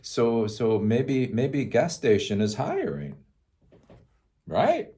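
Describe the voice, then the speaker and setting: A man playing a kind but blunt little old Japanese woman, speaking slowly and gently before cutting someone off. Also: mid-range voice, wildly swooping pitch.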